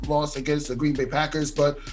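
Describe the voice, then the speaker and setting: A man's voice: on the high side, flat delivery, a little fast. A man hosting a casual sports podcast, hyped and steering the talk with questions. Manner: hyped, asks questions, leads the segments. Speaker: podcast host.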